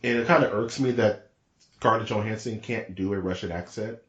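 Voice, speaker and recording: A fairly low-voiced man rambles excitedly in slangy casual chat as a podcast co-host. His voice bounces around an echoey room. The recording sounds dull and lo-fi. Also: brisk.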